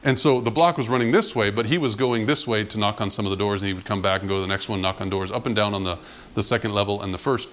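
Animated male pastor telling a story. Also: on the low side, fast, a little hiss or hum. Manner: animated storyteller, acts out quotes. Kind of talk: sermon storytelling.

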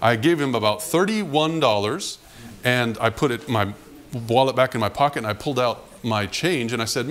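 Guy pastor preaching, lively storytelling, acts out the voices, mid pitch. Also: moderate pace. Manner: animated storyteller, acts out quotes. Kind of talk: sermon storytelling.

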